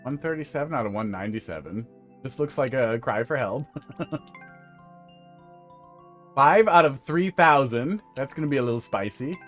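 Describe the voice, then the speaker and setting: A man's voice: medium pitch, expressive, moderate pace, pauses often, a bit bright, soft background music. A man streaming a level-building game, chatting casually and joking as he plays, sometimes humming to himself. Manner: chatty, rambling, jokey, hums to himself. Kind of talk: casual live-stream commentary.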